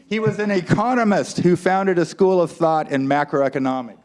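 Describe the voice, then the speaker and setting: A man running a comic quiz and puppet show as a guest speaker, with playful quick asides to the audience. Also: high voice.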